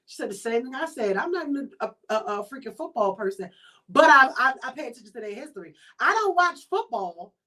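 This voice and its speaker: A woman with a Baltimore accent hosting a podcast in casual chat, telling stories in a chatty, animated way with quoted asides. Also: on the high side, fairly quick. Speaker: podcast host.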